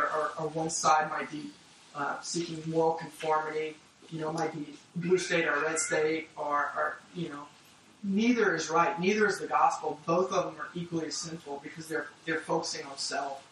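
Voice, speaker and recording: A man's voice: on the high side, flat delivery, fairly quick, fairly bright tone, slight background noise. A man giving a casual, conversational sermon with many fillers and restarts, recorded from a distance in an echoey room. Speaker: preacher.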